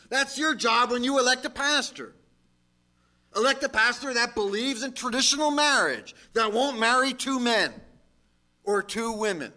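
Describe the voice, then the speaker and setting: A middle-aged male pastor preaching an emphatic sermon, at times rising to shouted exhortations. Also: high voice.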